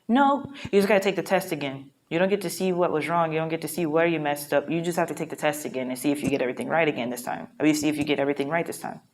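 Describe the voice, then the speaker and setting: A woman's voice: deep voice, very fast, hardly any pauses. A woman vlogging a casual, reflective monologue, rambling and frank with plenty of profanity, from a hotel room.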